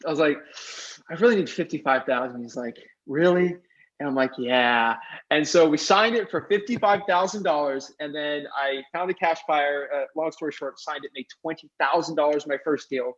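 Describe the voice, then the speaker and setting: A young man telling a fast, excited story as a guest, acting out the other people's voices as he quotes them. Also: fairly high pitch. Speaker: guest investor. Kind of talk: animated storytelling. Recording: dull lo-fi sound.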